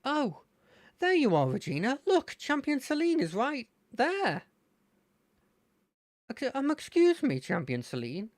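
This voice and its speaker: A streamer voicing an eager, excitable young male rival trainer from a fangame, speaking high and bubbly. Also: measured pace, long pauses, dry recording, studio quality, exaggerated voice. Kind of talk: reading game dialogue aloud.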